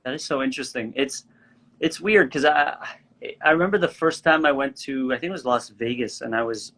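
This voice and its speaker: Bright-voiced Canadian man from Montreal. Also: medium pitch, brisk. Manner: animated storyteller, acts out voices, laughs often. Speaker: guest actor. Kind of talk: casual chat.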